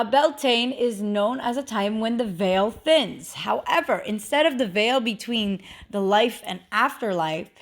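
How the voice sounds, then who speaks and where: A woman hosting a casual instructional vlog, chatty, with lots of fillers and emphatic repeated warnings. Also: a little high. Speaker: witchcraft video host.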